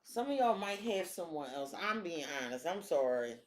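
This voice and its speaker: A woman's voice: fairly low pitch, sing-song, moderate pace, a little hiss or hum. Blunt profane woman in an echoey room. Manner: blunt, profane, streetwise talk. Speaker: tarot reader. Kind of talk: casual tarot reading monologue.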